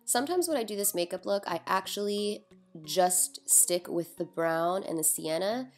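Animated and medium-pitched at normal speed, a young beauty vlogger jokes about herself while talking through her makeup, still sleepy from just getting up. Faint music plays behind.

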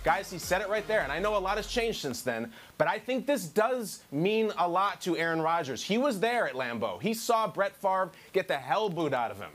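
A man analysing on a sports talk show, animated, building his argument with quotes. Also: high-pitched, normal speed, hardly any pauses, faint music behind.

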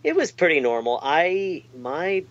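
A man's voice: fairly high pitch, lively intonation, unhurried, dull audio. A man chatting in an interview, rambling and self-deprecating, with lots of fillers and restarts. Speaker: amp technician guest. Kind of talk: casual interview chat.

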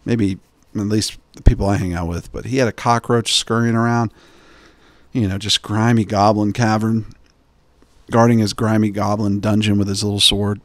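A man's voice: lowish voice, flat delivery, moderate pace, dry recording. Rambling joking man, dry close mic. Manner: digressive, joking, mimics people in quoted asides. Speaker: podcast host. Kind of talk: rambling comedic podcast chat.

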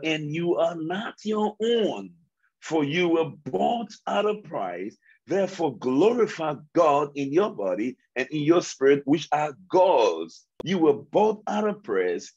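A pastor from Liberia preaching a devotional sermon, slow and emphatic, repeating his key phrases. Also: fairly high pitch, lively intonation, a little mellow, slightly rough, muffled recording.

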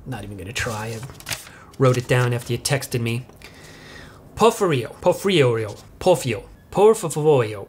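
An actress playing a self-righteous, oblivious middle-aged suburban mother, rambling in a comic monologue of video messages. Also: extremely low pitch.

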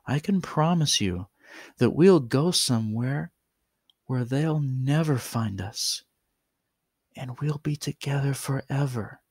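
A man voicing a shy, eager young female pony girl in a soft, coaxing way. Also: medium pitch, takes it slowly, husky, no room sound.

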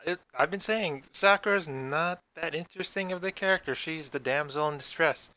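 A man's voice: a little high, moderate pace, bright, forceful tone, rough recording. A man co-hosting a casual review podcast, rambling and stammering as he sarcastically retells a plot. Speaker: podcast co-host.

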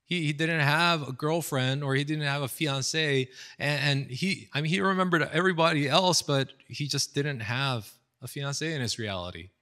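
Pitched on the high side and moving at a moderate pace, the speaker is a pastor from the United States in his thirties. His sermon is relaxed and animated, built on stories, filler words, and performed quotations. The setting is an indoor online seminar recording.

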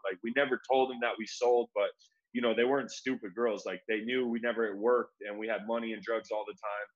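A young man from the United States, an MMA fighter being interviewed, telling his story casually with lots of "like" and "bro". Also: medium pitch. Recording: dull lo-fi sound.

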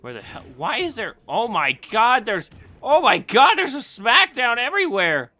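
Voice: mid-range voice, moderate pace. A gamer giving let's play commentary, talking to themselves, swearing and yelping at sudden events. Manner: excitable, yelps and shrieks at sudden events; talks to self, swearing and laughing. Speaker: gameplay commentator.

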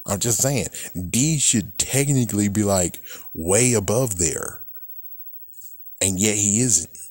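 A man with a somewhat low voice vents in a loose, rambling monologue full of swearing and frustration. His sound is dry and close, with no room around it. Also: takes it slowly, darkish tone, dry recording. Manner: frustrated, profane, rambling rant. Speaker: YouTuber. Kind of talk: casual ranting vlog.

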